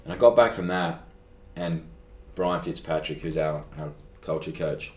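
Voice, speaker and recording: A man's voice: sits low, measured pace, faint music behind. A young Australian man, a guest athlete, telling a personal story in a casual interview, acting out conversations and saying "like" a lot. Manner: animated, acts out conversations, frequent "like". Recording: echoey room.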